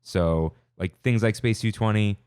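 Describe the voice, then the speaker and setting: A man hosts a podcast in a casual, rambling, upbeat way, often cutting himself off. His voice is on the low side, unhurried, a little mellow, clear and resonant, with clean studio sound and no room sound.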